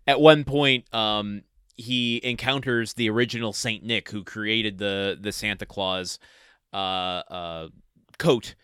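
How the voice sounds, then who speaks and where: Man, hesitant podcast chat, bright clear voice, dry close mic. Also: on the low side, fairly even intonation, takes it slowly, no echo. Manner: hesitant, dry jokes, frequent laughs. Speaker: podcast co-host. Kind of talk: casual movie-review chat.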